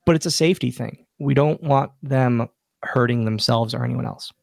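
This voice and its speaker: Gravelly man telling lively stories. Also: medium pitch, moderate pace, dry recording, clean studio sound. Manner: animated anecdotes with acted-out quotes. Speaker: podcast guest, wrestler and wrestling school owner. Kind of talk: casual interview storytelling.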